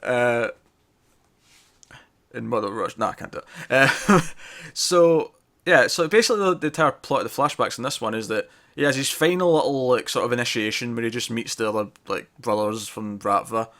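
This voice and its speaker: A man reviews an episode in relaxed, rambling conversation. He trails off and restarts often and breaks into quick laughs. His voice sits at an everyday middle pitch. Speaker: podcast co-host reviewing TV. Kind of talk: casual review chat.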